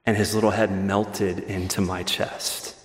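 A male pastor preaching a sermon, earnest and emphatic, rushing through asides and slowing down to stress key words. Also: deep voice, little pitch movement. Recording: long hall reverb.

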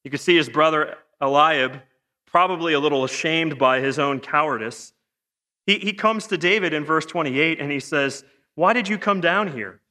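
A man preaching a sermon in a lively, joking way, firing off rhetorical questions. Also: a little high, normal speed. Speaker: pastor. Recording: long hall reverb.

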